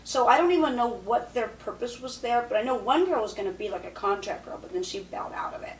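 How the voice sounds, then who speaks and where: A woman's voice: on the high side, expressive, quick pace, reverberant, recorded from a distance, a little hiss or hum, low-quality recording. A woman telling stories in casual podcast chat, often acting out what people said. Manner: chatty, acts out quotes. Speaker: podcast guest. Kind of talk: casual storytelling.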